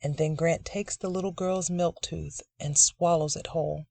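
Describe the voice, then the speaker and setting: A narrator reading a dark literary short story in a measured, dramatic way. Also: medium pitch, steady tone, gravelly, no echo.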